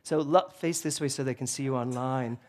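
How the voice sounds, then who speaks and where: A male minister, mid-pitched and speaking at a normal speed, delivers a sermon in a church sanctuary to a congregation. Into a handheld mic, he tells humorous stories in a playful, animated way.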